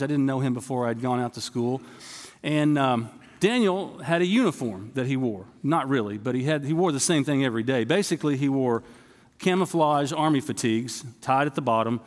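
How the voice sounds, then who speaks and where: Storytelling pastor in a reverberant church. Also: male voice, medium pitch. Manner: storytelling, conversational, addresses the congregation directly. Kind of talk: sermon. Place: church sanctuary. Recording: long reverb of a church hall.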